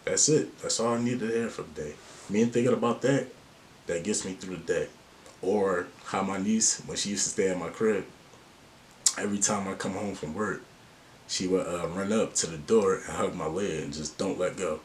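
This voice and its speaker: Deep-voiced man giving casual advice. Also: moderate pace, slight background noise. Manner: slangy, earnest and open. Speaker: vlogger giving life advice. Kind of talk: casual to-camera talk.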